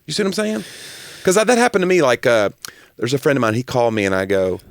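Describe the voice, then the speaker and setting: A man's voice: a little high, fast talker, no echo, studio quality. A man with a mild Southern US accent, a comedian co-hosting a podcast in casual chat, ranting with rising emphasis. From Southern United States. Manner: animated, rants with rising emphasis.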